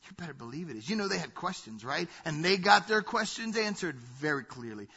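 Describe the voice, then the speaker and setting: A man preaching a sermon in a dramatic way, acting out quotes loudly and dropping to hushed asides. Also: a little high, lively intonation, brisk, creaky, slightly rough, muffled recording. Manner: dramatic, swings between loud acted quotes and hushed asides. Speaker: pastor.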